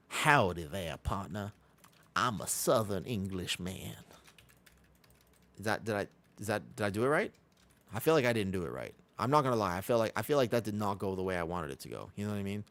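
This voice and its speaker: A man's voice: lowish voice, very animated, rapid-fire. An American man from Los Angeles, chatting casually on a live game stream, reading out and answering viewer questions. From Los Angeles, USA.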